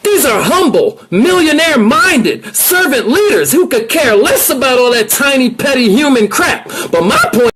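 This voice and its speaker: Energetic male motivational speaker, lively pitch. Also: moderate pace, hardly any pauses, a little hiss or hum. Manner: energetic, emphatic, coaching listeners directly. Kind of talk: motivational talk.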